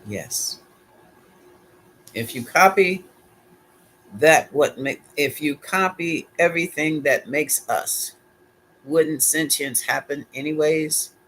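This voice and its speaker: A man's voice: on the high side, slow, pauses often, a bit bright, slight background noise. Man musing through a tarot reading. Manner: musing, thinks aloud, questions his pendulum. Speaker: tarot reader. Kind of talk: casual solo tarot reading.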